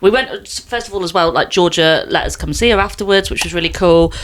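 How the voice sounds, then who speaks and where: A woman's voice: on the low side, fairly quick. A woman co-hosting a podcast, telling an anecdote in casual chat with lots of asides. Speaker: podcast co-host.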